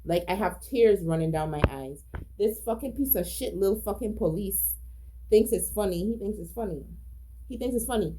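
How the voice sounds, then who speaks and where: A woman's voice: mid-range voice, lively intonation, moderate pace, noisy background. A woman telling a personal story in a casual monologue, agitated, profane, emphatic and repetitive. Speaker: storyteller recounting a personal incident.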